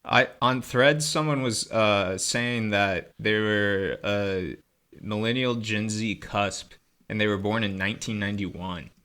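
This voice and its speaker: A man in casual podcast chat, wry and deadpan with some hesitation. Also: on the low side, slow pace.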